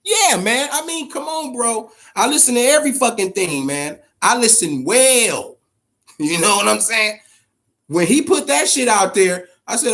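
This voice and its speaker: A man's voice: extremely high pitch, expressive, measured pace, a bit bright. Profane, fired-up man podcasting about boxing. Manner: profane, emphatic, repeats words when fired up; addresses chat viewers directly. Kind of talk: casual live-stream commentary.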